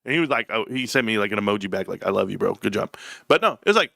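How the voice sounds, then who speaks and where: A brash man hosts a casual livestream, joking with his viewers. His pitch swings wildly from low mutters to high yelps, and his voice is bright and sharp. The sound is dry and close. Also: animated, very fast, vocal fry, no echo. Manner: brash, joking, jumps between low mumbles and high outbursts. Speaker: livestream host.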